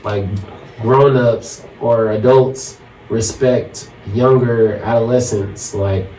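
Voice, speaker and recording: A relaxed man hosts a casual podcast chat, asking questions and backing up his guest. His voice sounds distant from the mic, with roomy echo and a faint hiss behind it. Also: mid-range voice, slow pace. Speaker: podcast host.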